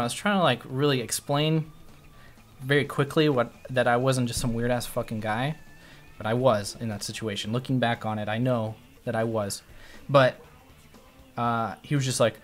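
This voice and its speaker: A man's voice: mid-range voice, moderate pace, soft background music. Rambling, foul-mouthed man telling a story. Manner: rambling, profane, jumps into animated voices for quotes. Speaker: streamer. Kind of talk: casual storytelling.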